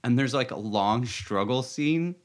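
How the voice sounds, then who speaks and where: A man's voice: mid-range voice, animated, unhurried. A man co-hosting a casual podcast, recapping an episode in a rambling way with lots of fillers and laughs. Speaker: podcast co-host.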